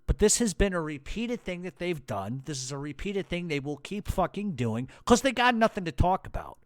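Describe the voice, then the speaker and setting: Swearing throughout, a New York-accented podcast host goes on a blunt, heated rant. His voice sits high and is very animated at a moderate pace, captured in studio quality with no room sound.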